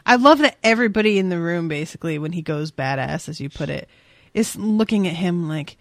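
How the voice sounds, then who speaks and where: A woman's voice: lowish voice, lively intonation, dry recording. A woman co-hosting a casual podcast chat about a book, sarcastic and profane. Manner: sarcastic and profane, quick asides. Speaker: podcast co-host.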